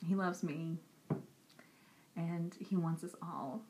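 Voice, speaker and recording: A young woman talking earnestly and directly to camera in a personal vlog. She repeats herself for emphasis and sometimes drops into soft, whispery asides. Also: on the low side, steady tone, takes it slowly, noisy background. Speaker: Christian vlogger. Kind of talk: personal encouraging talk to camera.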